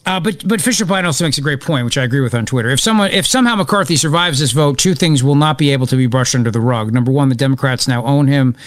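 A man hosting live political talk radio, excitable and opinionated, rambling as he reacts to events. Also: medium pitch, quick pace, hardly any pauses, dry recording. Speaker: radio talk show host.

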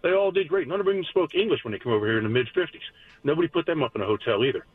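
Male call-in listener, fast and earnest, phone-line sound. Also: fairly high pitch, expressive, breathy edge, no room sound. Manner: earnest, stumbling restarts. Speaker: caller. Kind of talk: call-in talk.

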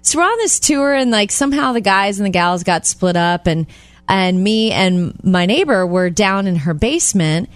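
A woman co-hosting a radio talk show, telling anecdotes in casual chat and acting out quotes in high voices. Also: moderate pace, no echo. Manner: animated storyteller, acts out quotes in high voices. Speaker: co-host.

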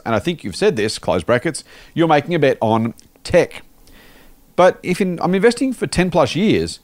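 Lively man hosting a podcast. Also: fairly high pitch, no room sound. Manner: jokey, conversational, lots of fillers. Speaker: podcast host. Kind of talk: casual podcast chat reading listener mail.

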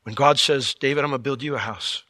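Bright, lively-voiced pastor preaching. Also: male voice, mid-range voice, fast talker, no room sound. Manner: animated, joking storyteller. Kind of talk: sermon.

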